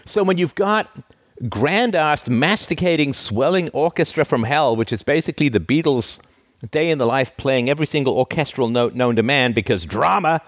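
A man hosting a live show, ranting in an exasperated, sarcastic way with big theatrical swings in pitch. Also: lively intonation, normal speed, dry recording. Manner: theatrical, trained speaking voice. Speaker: host.

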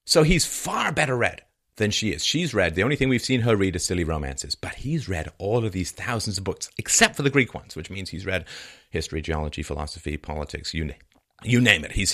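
A man's voice: low-pitched, sing-song, fairly quick, fairly bright tone. A man giving an opinionated monologue, sarcastic and mocking, repeating points for emphasis. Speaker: commentator.

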